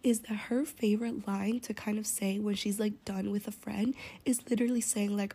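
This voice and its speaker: A woman's voice: medium pitch, flat delivery, moderate pace, hardly any pauses, mellow, husky. A young woman telling a story in a casual, rambling way, often slipping into an unvoiced whisper, swearing and using lots of fillers.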